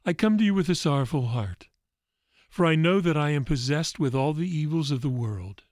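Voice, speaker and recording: A man's voice: on the high side, expressive, normal speed, a little mellow, no room sound, studio quality, pitched above the performer's own voice, close to an everyday voice. A priest reading the part of a weeping, sinful woman in a story, pleading earnestly.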